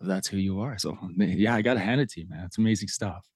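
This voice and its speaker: A man's voice: low-pitched, fast talker, darkish tone, husky, dry recording, clean studio sound. A man hosting a podcast interview, with an earnest, heartfelt and reflective manner. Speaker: podcast host, educator. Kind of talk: casual interview.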